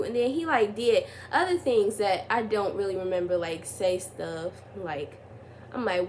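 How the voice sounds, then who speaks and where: A woman's voice: mid-range voice, lively intonation, unhurried, a little mellow, slight background noise. A young woman telling a personal story in a casual vlog, rambling with constant fillers and getting emphatic as she retells arguments. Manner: rambling, heavy use of "like", restarts. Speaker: vlogger.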